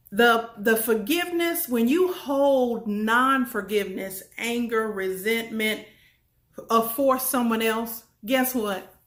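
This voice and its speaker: A woman's voice: fairly high pitch, fairly bright tone. A woman giving a motivational talk to her audience, emphatic and folksy, repeating her points and asking listeners questions. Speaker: motivational speaker. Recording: roomy echo.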